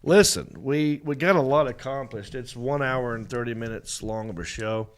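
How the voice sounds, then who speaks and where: A man's voice: mid-range voice, moderate pace, smooth. A man with a scratchy, sore throat hosting a casual comedy talk show, joking and rambling through stories. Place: studio set with a small crew.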